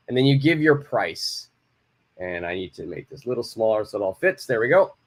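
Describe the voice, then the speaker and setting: A man's voice: medium pitch, animated, normal speed. A man teaching an English lesson live from home, reading out viewers' answers and praising them. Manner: encouraging, reads out viewers' answers and models phrases.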